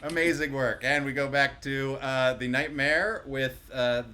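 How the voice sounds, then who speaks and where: A man hosts and narrates a comedic table read with upbeat, joking narration. His voice sits at an ordinary middle pitch. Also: steady tone, a little slow, sharp tone, slight background noise. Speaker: host and narrator.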